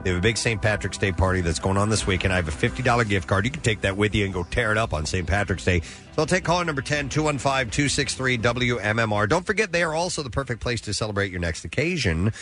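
A man's voice: lowish voice, fast, faint music behind. A man from the Midwest hosting a radio morning show, chatting casually and reading live ads. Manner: relaxed, chatty with hesitations. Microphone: studio microphone.

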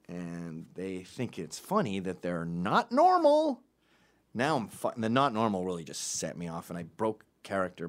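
Sardonic, profane comic with lively pitch. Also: male voice. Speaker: comedian. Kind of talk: comedic monologue.

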